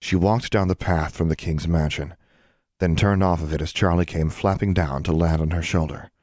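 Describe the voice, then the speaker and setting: Deep-voiced male audiobook narrator. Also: no echo, studio quality. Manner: steady, measured reading. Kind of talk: scripted storybook narration.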